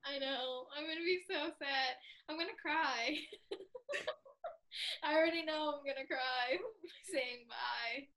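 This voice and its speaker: A young woman with a high voice tells a story to a friend, animated and laughing often. She says "like" a lot. Her tone is bright and clear. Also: slow pace, long pauses. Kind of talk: casual chat.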